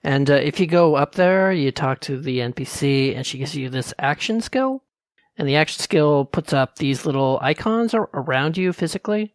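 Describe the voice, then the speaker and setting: A man co-hosting a gaming podcast, explaining game updates in detail in a relaxed, chatty way. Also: fairly high pitch, moderate pace, dry recording. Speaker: podcast co-host. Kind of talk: casual gaming podcast chat.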